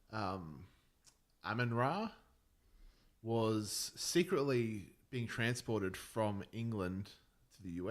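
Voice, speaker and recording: A man's voice: fairly low pitch, a bit bright. A man co-hosting a podcast, telling stories in casual chat with frequent laughs. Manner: storytelling, laughs a lot. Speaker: podcast co-host.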